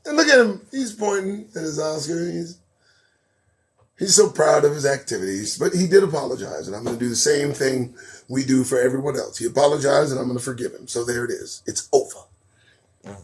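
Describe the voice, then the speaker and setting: A man hosting a live commentary show, riffing sarcastically on news items, laughing often and swinging between loud outbursts and low mutters. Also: a little fast. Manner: laughs a lot between remarks.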